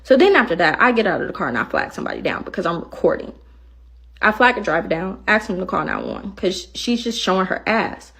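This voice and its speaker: A woman telling a personal story in a blunt, profane and animated way, acting out the other side of the dialogue. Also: medium pitch, brisk, creaky, husky. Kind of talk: casual storytelling.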